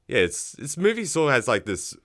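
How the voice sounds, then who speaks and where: A man's voice: medium pitch, wildly swooping pitch, brisk, a bit bright. A man co-hosting a casual podcast who walks through film scenes and acts out quotes along the way. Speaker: podcast co-host. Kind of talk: casual chat.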